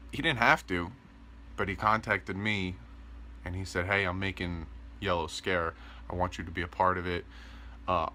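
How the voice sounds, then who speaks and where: A young man talks to his camera from his bedroom in a casual, rambling vlog style, joking and stumbling over fillers. His voice sits low yet bright and forward. A faint room ambience hums behind him. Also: slight background noise. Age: 20s. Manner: rambling, joking, full of ums. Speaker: vlogger.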